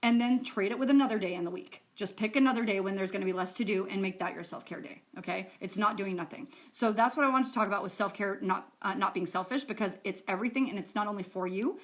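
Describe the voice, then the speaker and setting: A woman's voice: medium pitch, fast talker, hardly any pauses. Woman coach talking self-care, chatty and rambly, tosses in a swear here and there. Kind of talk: casual teaching to camera.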